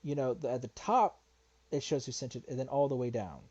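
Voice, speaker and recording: Through lo-fi sound comes a husky, darkish mid-range voice, talking a little fast. He's livestreaming a response video, rambling casually, and as he searches for something he gets frustrated, cursing and muttering under his breath.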